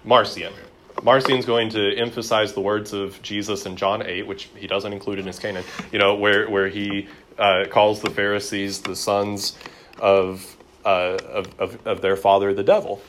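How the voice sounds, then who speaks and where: Low-voiced man teaching church history. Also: little pitch movement, moderate pace, fairly bright tone, a little hiss or hum. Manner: conversational, with fillers and repeated words. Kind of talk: classroom lecture.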